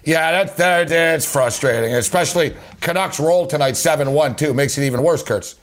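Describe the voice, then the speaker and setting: A man's voice: a little high, moderate pace. A man hosting a sports betting show, talking casually and rambling with lots of repeated words and fillers. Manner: rambling, repeats words, says "you know" a lot.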